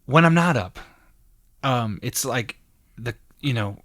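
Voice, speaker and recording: A man co-hosting a podcast in casual chat, his pitch swinging widely as he jumps between bits. He talks with high energy and laughs often, and the sound is close and dry. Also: expressive, takes it slowly, fairly bright tone, dry recording. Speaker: podcast co-host.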